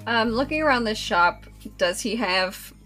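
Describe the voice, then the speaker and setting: A woman at a tabletop game chats along, a little flustered, working through a shopping list. Her voice is bright and forward at a middle pitch, with faint music behind. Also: lively intonation, unhurried. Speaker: player. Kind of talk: casual tabletop game chat.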